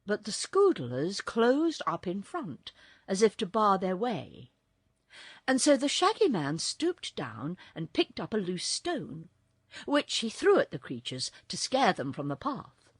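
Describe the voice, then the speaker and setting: A woman narrating a children's audiobook in a very expressive storytelling voice. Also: medium pitch, unhurried, slightly rough, dry recording, clean studio sound.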